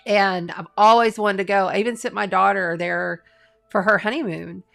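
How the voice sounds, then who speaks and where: A woman's voice: medium pitch, fairly even intonation, moderate pace, vocal fry, a bit bright, soft background music. A middle-aged woman, an astrologer and tarot reader, chatting casually on a live stream, earnest and talkative with lots of fillers and restarts. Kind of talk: casual live-stream chat reading viewer comments.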